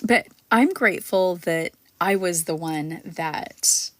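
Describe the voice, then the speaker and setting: A woman's voice: lowish voice, slow pace, dry recording. Chatty grandmother hosting a spiritual panel. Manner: chatty and rambling, many ums and likes. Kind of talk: casual live-stream talk.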